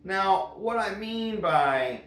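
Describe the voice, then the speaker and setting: A man's voice: high-pitched, expressive, takes it slowly. A man teaching jazz guitar in a casual, chatty way, full of puns and playful asides. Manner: playful, punny, chatty asides between examples. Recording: roomy sound with loud guitar playing.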